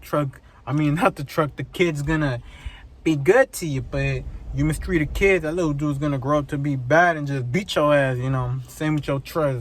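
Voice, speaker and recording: A young man vlogging from his truck in an animated, slangy rant, swearing often and mimicking the people he complains about. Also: fairly high pitch. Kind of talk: casual vlog chat.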